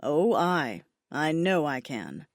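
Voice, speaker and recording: A woman voicing a stern male dragon lord who teases his mate in a low, coaxing voice in an audiobook. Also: sing-song, slow, no room sound, studio quality, full character voice. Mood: seductive. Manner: low, coaxing, often laughing.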